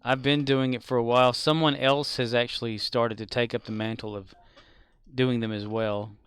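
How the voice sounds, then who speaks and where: Male game streamer, casual live chat, rambling and offhand, smooth clear voice, dry close sound. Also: medium pitch, little pitch movement, moderate pace, a bit bright, no room sound. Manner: rambling and offhand, with many fillers and restarts.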